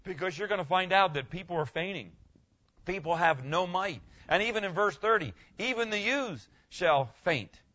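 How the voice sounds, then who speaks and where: A man's voice: high-pitched, animated, moderate pace, sharp tone, lo-fi sound. An older man preaching a conversational sermon as a pastor, folksy and rambling, often asking "okay?".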